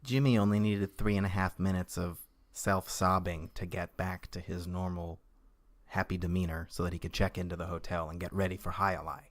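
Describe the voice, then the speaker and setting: A man's voice: low-pitched, steady tone, brisk. A man co-hosting a comedy podcast, improvising a story with playful, teasing asides.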